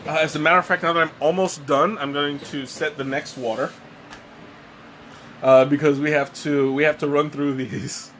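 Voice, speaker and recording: At home with a fan running, a man hosts a casual tea-tasting livestream, rambling and running himself down while he sweats and catches his breath after choking. His voice sits on the high side with a fairly bright tone, a flat delivery and a normal pace, over a little hiss or hum.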